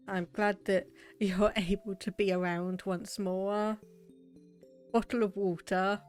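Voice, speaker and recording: A young British woman streams a game and chats with her viewers at an easy, unhurried pace. Her voice sits at a middling pitch, and she laughs often while she thinks aloud. Faint game music plays behind her desk microphone. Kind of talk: casual chat with live viewers.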